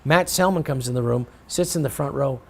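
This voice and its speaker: A man from San Francisco with a gravelly, husky voice tells rambling show-business stories as a guest. He swears freely and jumps into other people's voices mid-story. His pitch sits in the ordinary middle range for a man. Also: brisk, a bit bright. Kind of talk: animated storytelling.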